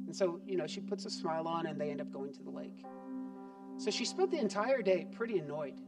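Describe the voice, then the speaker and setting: A man's voice: on the high side, lively intonation, fairly quick. A male pastor preaching a sermon, telling a story and dropping his voice for emphasis. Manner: storytelling, drops quiet for emphasis. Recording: distant mic with background music.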